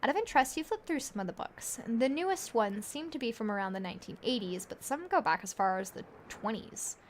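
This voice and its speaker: A woman's voice: on the high side, lively intonation, fairly quick, a little hiss or hum. A woman streaming a narrative game, reading its text aloud and chatting with her viewers, laughing often. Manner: giggly, chatty, reads chat aloud.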